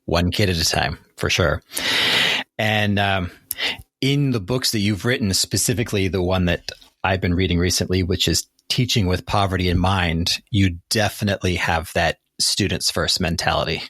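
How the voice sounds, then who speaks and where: A man's voice: low voice, normal speed, fairly bright tone, no room sound, clean studio sound. A man hosting an interview podcast, speaking earnestly and chattily with some fillers. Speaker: podcast host.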